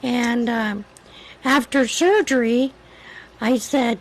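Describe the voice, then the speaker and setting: High-voiced woman with a weak voice. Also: unhurried, rough recording. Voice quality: weak voice that is hard to project. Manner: chatty, rambling storyteller. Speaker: livestream host. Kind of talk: casual chat, telling a story.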